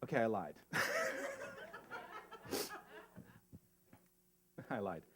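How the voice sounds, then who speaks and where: Earnest male minister preaching softly. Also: medium pitch, normal speed, noisy background. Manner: emotional, earnest, shifts from hushed to animated. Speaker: pastor. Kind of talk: sermon.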